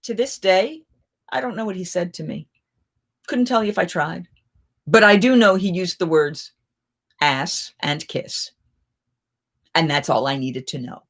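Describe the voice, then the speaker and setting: Animated middle-aged woman telling stories. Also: fairly low pitch, unhurried, long pauses. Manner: animated, with sudden jumps in loudness. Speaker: renaissance festival performer hosting a live chat. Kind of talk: casual anecdotal storytelling.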